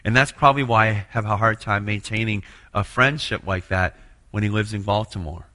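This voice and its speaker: A man telling an earnest spoken testimony of faith, moving between hushed passages and loud, impassioned ones. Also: on the low side, a little fast. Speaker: churchgoer sharing a personal testimony.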